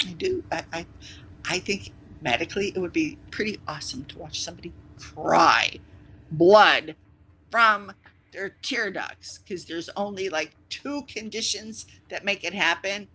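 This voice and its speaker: A live streamer chatting casually with viewers, rambling and teasing, with sudden loud bursts and quick whispered asides. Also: medium pitch, slightly rough, poor audio.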